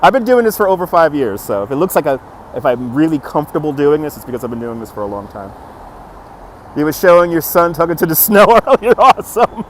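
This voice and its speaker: Chatty man livestreaming on a city street. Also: a little high. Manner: upbeat, chuckles often, greets chat by name. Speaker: livestream host. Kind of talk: live walking stream, chatting with viewers. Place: outdoors on a city waterfront street. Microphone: phone on a handheld gimbal. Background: faint city traffic.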